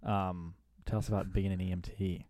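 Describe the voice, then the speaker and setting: A young man hosting a casual podcast chat, easygoing and quick to laugh. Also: deep voice, level tone, warm tone, no echo. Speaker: podcast host.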